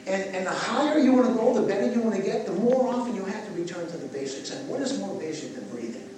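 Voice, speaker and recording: An older man teaching breathing to a live audience, animated as he guides them through each breath. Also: high voice, fast, over music. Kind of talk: live workshop talk to an audience. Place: live event venue. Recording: echoey event space, mic from far off.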